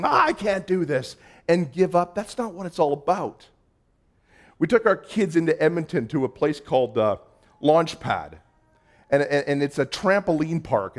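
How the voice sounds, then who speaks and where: A man preaching a sermon as pastor, moving between loud emphasis and hushed, quiet passages and acting out quoted voices. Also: on the high side.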